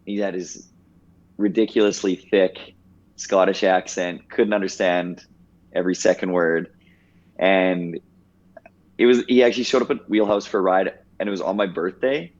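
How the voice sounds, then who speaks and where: A man's voice: low voice, fairly even intonation, moderate pace, a little mellow, highs cut off. A man in his thirties, a podcast guest, telling a personal story in a casual, reflective way with many "like"s. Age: 30s. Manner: reflective, heavy use of "like".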